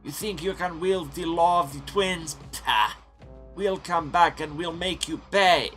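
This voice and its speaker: A man puts on a defiant old nobleman facing execution in a story game, his voice pitched higher and louder than usual. He sneers and declaims every line with contempt. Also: measured pace, soft background music. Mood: scornful defiance. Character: defiant aged male nobleman captive, scornful.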